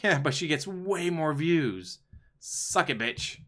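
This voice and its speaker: A man's voice: on the high side, expressive, slow, a bit bright. A man hosting a casual livestream, commenting on videos in a profane, sarcastic, mocking way. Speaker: stream host.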